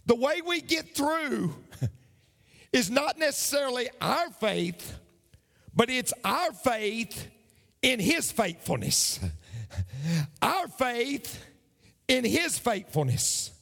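A man's voice: very high voice, very animated, takes it slowly, gravelly, long pauses, a bit bright, big-room sound. A man preaching a sermon as a pastor, speaking emphatically and repeating key phrases for weight.

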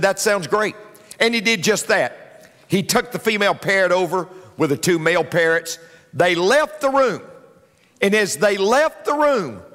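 A man preaches from the pulpit with a high, animated voice that leaps up and drops low. He hammers home his points by repeating them, and the sound rings out with long reverb in a large hall. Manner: emphatic preaching with repeated lines and big pitch swings. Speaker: pastor. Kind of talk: sermon.

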